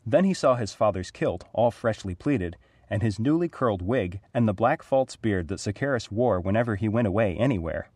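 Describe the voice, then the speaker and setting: A man reads a storybook aloud in a fairly low voice. His delivery is clear and even. The recording is dry and close. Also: moderate pace, no room sound. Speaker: narrator.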